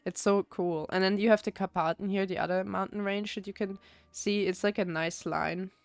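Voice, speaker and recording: A woman's voice: medium pitch, steady tone, moderate pace, gravelly, dry recording. A young woman from Austria, chatting casually while streaming a game, rambling with many fillers and restarts. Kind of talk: casual gameplay chat.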